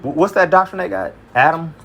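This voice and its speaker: A man's voice: fairly high pitch, expressive, fairly quick, a bit bright, highs cut off. A man from Kentucky leading a small group Bible study in a casual, slangy way, often checking that listeners follow him. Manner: slangy, conversational, often asks "you see what I'm saying".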